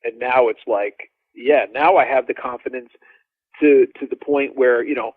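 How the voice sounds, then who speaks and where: A man, a drummer guest, telling studio stories in a rambling, animated way and acting out what others said. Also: medium pitch, normal speed. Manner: animated, rambling, acts out quoted dialogue. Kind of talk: casual storytelling interview. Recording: dry tinny phone-like line.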